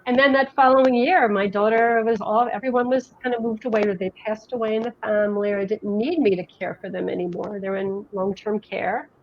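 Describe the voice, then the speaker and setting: A woman's voice: mid-range voice, fairly even intonation, a little hiss or hum. Chatty middle-aged woman. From New Jersey. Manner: chatty, rambling, quick with many restarts. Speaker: guest, health education director. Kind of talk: conversational interview, storytelling. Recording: dull lo-fi sound.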